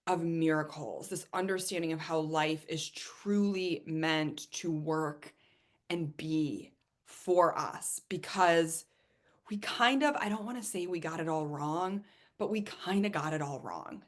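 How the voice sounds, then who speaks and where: Chatty, low-pitched woman hosting a webinar. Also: a little slow. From Ohio, USA. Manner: enthusiastic, repetitive, chatty. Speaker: webinar host and coach. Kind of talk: live webinar talk.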